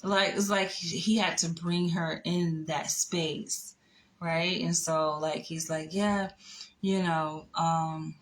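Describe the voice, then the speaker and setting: A woman's voice: fairly low pitch, flat delivery, takes it slowly, slight background noise, low-quality recording. A woman casually telling a personal story, chatty, with laughs, asides and the odd whisper. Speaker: vlogger.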